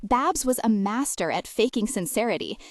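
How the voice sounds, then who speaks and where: A woman narrates a novel as an audiobook reader, delivering scripted narration with lively, expressive storytelling. Her slightly high voice moves through a wide pitch range at normal speed. The recording is close and dry, without any room sound.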